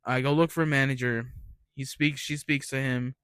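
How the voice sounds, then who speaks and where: A man's voice: medium pitch, steady tone, normal speed, a bit bright, clear, resonant tone, no room sound. A young man telling retail work stories in a rambling, ranting casual monologue, swearing freely.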